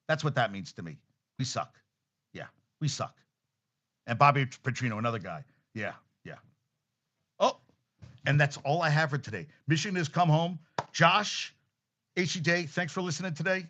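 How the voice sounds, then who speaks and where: A man hosting a solo sports podcast, ranting angrily and profanely, swinging between loud outbursts and low mutters. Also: animated, moderate pace, pauses often.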